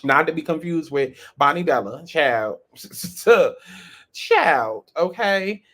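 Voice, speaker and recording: A man's voice: fairly high pitch, lively intonation, slow pace, fairly bright tone. A man hosting a reality-show review, talking in a blunt, sassy and profane casual commentary.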